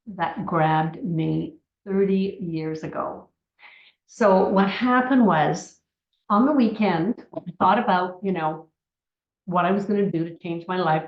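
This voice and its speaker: A woman in her sixties telling her personal story in a chatty way, with many asides and restarts. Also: lowish voice. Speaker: network marketing distributor. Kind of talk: personal testimony talk. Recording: roomy, slightly dull recording.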